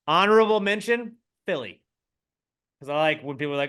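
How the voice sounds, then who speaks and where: A man's voice: a little high, expressive, a little fast, a bit bright, clear, resonant tone. A young adult man co-hosting a podcast in casual chat, joking and trying out mock old-timey voices. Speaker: podcast co-host.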